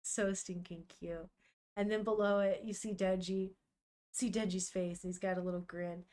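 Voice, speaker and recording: A young woman streams herself reading a manga out loud, reacting as she goes. She talks in an animated, unfiltered way, swearing freely and laughing often as she greets her chat. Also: mid-range voice, normal speed.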